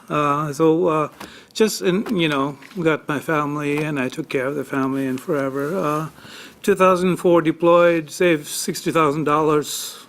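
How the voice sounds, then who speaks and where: Man, fairly high voice, petitioner at a hearing, halting, emotional, lots of fillers. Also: steady tone, creaky, fairly bright tone. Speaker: petitioner at a tax appeal hearing. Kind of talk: unscripted testimony.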